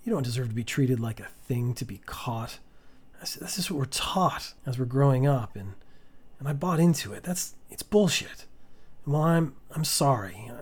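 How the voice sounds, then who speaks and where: A man doing a remorseful man who stumbles through a sincere apology, restarting his sentences. The voice has a husky, slightly rough edge, delivered at an everyday pitch. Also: lively intonation, normal speed, darkish tone. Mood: apologetic.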